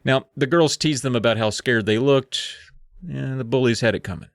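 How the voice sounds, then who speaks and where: A man's voice: mid-range voice, normal speed, dry recording, clean studio sound. A man co-hosting a podcast, recapping a book in a rambling, sarcastic way. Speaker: podcast co-host. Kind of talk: casual comedic book recap.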